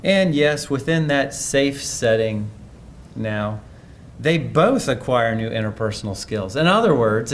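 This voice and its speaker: A man's voice: medium pitch, a little hiss or hum. A man giving a conference presentation in a conversational, thoughtful way, often restarting his sentences. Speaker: speaker.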